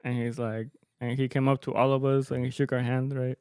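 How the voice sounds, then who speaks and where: A man co-hosting a podcast, telling a gig story in relaxed chat and switching between English and Spanish. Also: mid-range voice, fairly quick, smooth, no echo, studio quality. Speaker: podcast co-host, mariachi musician. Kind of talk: casual chat.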